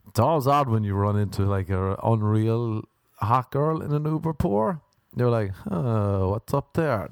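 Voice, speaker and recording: A young Irish man telling a rambling, animated story. He laughs and jumps up in pitch for emphasis. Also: vocal fry, no room sound, studio quality. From Ireland. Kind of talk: casual storytelling monologue.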